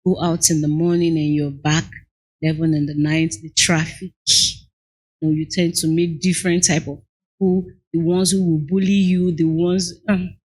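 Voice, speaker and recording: A woman with a Nigerian accent speaks in a husky, slightly breathy voice that sits on the lower side. She talks earnestly and candidly in a relaxed interview. She is a young adult. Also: normal speed. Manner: candid and earnest, acts out clients' lines. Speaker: guest entrepreneur. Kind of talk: conversational interview.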